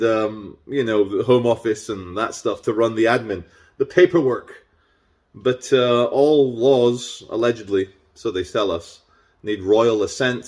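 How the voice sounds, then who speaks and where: Guy rambling on his vlog, sarcastic and irreverent, mid-pitched voice, just talking off the cuff. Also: darkish tone. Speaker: vlogger. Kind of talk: casual monologue.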